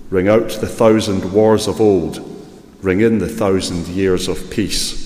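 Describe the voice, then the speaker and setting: Slow, solemn man reciting poetry. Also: lowish voice, darkish tone. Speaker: poetry reader. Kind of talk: poetry reading. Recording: echoey room with long reverb.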